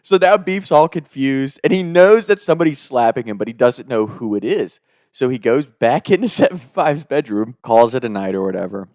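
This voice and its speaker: A young man telling a comedic story casually, animated, laughing often and swearing. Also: medium pitch, moderate pace, dry recording, studio quality.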